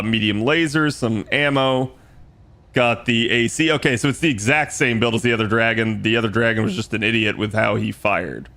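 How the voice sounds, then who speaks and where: Man, bright voice, mid pitch, casual gameplay commentary, explains each move, swears a bit. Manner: relaxed, explains his moves aloud, swears casually. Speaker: streamer playing a strategy game.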